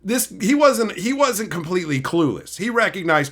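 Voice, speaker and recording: A middle-aged man chatting casually on a live stream, reading chat and telling animated, profane stories. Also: sits high, moderate pace. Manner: animated, profane storytelling, mimics people.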